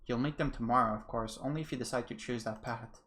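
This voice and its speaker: A man's voice: medium pitch, fast talker, fairly bright tone, natural voice. A man voicing a cryptic, urgent schoolgirl. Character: mysterious schoolgirl giving cryptic warnings.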